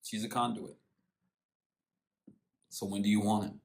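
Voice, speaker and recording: A man's voice: fairly low pitch, flat delivery, unhurried, gravelly. A man hosting a live stream, giving a casual motivational talk in a preachy, storytelling way with slang.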